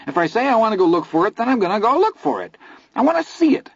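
A man voicing a reckless young boy who whispers hoarsely and grows wildly insistent. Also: on the high side, moderate pace, no echo, voice pushed up. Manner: ominous, then wildly insistent. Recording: dull lo-fi audio.

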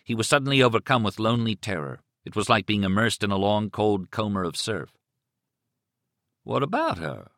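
A man narrating a novel in an expressive, dramatic reading. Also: fairly low pitch, brisk, hardly any pauses, dry recording, clean studio sound. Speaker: audiobook narrator. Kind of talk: scripted narration.

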